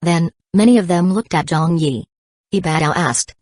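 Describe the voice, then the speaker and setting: A woman narrating an audiobook in a steady, even storytelling manner. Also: fairly low pitch, moderate pace, no room sound. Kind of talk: scripted narration.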